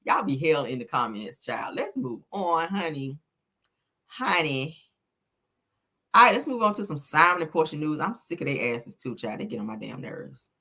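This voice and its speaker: Sassy woman host, reading gossip to a live chat, bright edgy tone, lowish voice. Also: big pitch swings, moderate pace, slightly rough. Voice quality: sassy, chatty, peppered with honey and child. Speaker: celebrity gossip livestream host.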